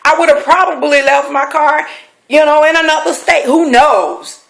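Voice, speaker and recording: A middle-aged woman with a slightly high voice recounts a personal story. She talks emphatically, repeats phrases for weight and slips into lively voices for other people. Her delivery is that of a coach sharing a lesson. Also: moderate pace, vocal fry. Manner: animated, acts out quoted voices; emphatic repetition. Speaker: life coach.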